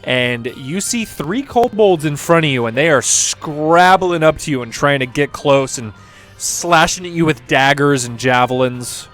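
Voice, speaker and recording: A man running a tabletop game as dungeon master, narrating with a relaxed, rambling manner and fillers. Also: on the high side, measured pace. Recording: streamed with background music.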